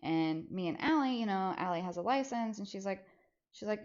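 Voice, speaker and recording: A young woman streamer casually telling a story, animated and swearing freely, acting out the voices of people she quotes. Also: medium pitch, fairly quick. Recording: slightly dull lo-fi audio.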